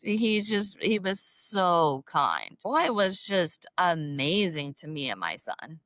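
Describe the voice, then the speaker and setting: A middle-aged woman telling a personal story as a podcast guest, animated and emotional, acting out quoted dialogue in a higher voice. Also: takes it slowly, no echo. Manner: emotional, self-described crier. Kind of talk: casual storytelling interview.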